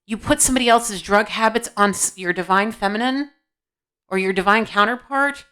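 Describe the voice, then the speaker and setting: A woman with a mid-range, fairly bright voice talks at a moderate pace. Reading intuitively to camera at home in a tarot style, she's blunt and scolding, asking her guides things and then responding herself.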